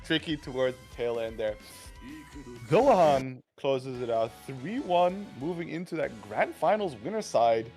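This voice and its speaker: A man's voice: mid-range voice, expressive, unhurried, a little mellow, soft background music. A young man giving live fighting game commentary, analytical and heavy on fillers, often asking "right?". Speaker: esports commentator.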